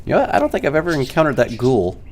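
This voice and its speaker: A man's voice: mid-range voice, big pitch swings, very fast, darkish tone, a little hiss or hum. A man from California chatting casually over gameplay, rambling and quoting movies. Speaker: gaming streamer.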